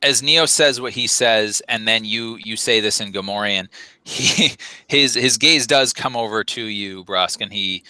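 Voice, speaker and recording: A man narrating a tabletop game as game master, his voice fairly low and very bright. He describes scenes loosely, with frequent fillers. The sound is dry and close. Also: unhurried, smooth, no room sound. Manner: descriptive, relaxed, with many fillers.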